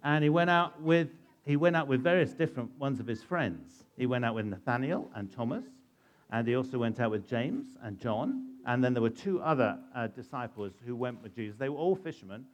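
A man's voice: mid-range voice, expressive, brisk. A man telling a Bible story to children, asking them questions and acting out the scenes. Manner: asks the listeners questions and plays out the scenes. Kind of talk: animated Bible storytelling to a young audience.

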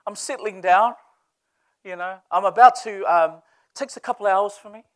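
A man's voice: high voice, moderate pace, no echo. A man preaching a sermon, telling stories with humor. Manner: lively storytelling with humor. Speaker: pastor.

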